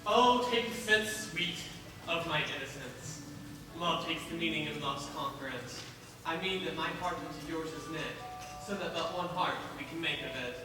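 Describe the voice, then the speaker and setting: A man's voice: fairly high pitch, moderate pace, music in the background, close to an everyday voice. A man playing an impulsive young lover, declaiming verse on stage. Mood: tender, coaxing. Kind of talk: stage play performance. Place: school auditorium stage. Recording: echoey hall, distant mic, noisy.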